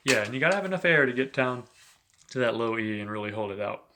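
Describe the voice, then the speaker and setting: Casual male sax teacher, bright, forward tone, middle pitch, faint saxophone in the background. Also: fast talker, soft background music. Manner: relaxed and chatty, with many "you know"s and short laughs. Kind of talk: casual instructional talk between playing examples.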